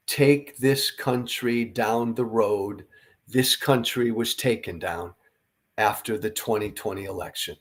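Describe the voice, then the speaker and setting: In a lowish voice, a middle-aged man on a podcast works through political commentary at an unhurried, deliberate pace. A night without sleep has left him tired, but his delivery is earnest and forceful, with a curse word slipping in now and then.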